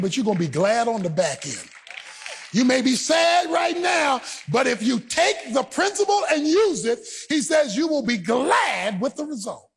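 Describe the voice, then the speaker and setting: A male pastor delivering a fervent sermon, shouting and half-singing his lines in a husky voice. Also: very high-pitched, very animated, moderate pace. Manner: shouting, preaching with sung cadence.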